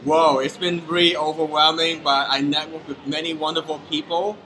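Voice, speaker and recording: A man's voice: a little high, level tone, moderate pace, sharp tone. A man answering questions at a podcasting convention, upbeat and polite, as a motivational speaker. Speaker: motivational speaker and storytelling coach. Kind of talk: casual chat at a convention. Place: busy convention hall. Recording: noisy crowd behind.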